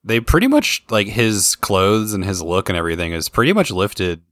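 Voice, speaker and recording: Male podcast host, very low voice, laid-back, dry close recording. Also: moderate pace, no room sound. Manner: relaxed, swears casually, runs the ratings. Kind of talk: casual chat.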